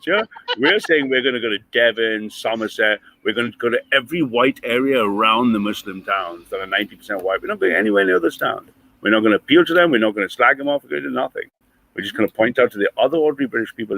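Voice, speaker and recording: A man hosting a reaction stream, ranting in a profane, mocking, animated way. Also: medium pitch, quick pace, vocal fry, dry recording, low-quality recording. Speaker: stream host. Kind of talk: reaction commentary.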